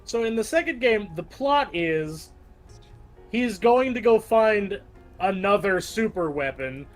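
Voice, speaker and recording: A man's voice: sits high, lively intonation, slow pace, faint music behind. A man in casual chat on an art stream, rambling and hesitant with many fillers.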